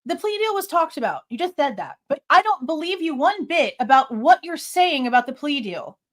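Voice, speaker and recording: Woman host, higher voice, blunt and scornful commentary. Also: very animated, normal speed. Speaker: true crime reaction host. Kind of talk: heated commentary over clips.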